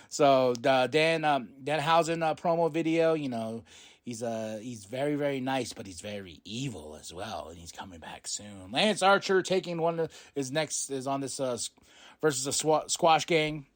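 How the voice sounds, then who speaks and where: A man hosting a podcast, casually recapping a show, excitable, laughing often and swearing freely. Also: mid-range voice, normal speed. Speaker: podcast host.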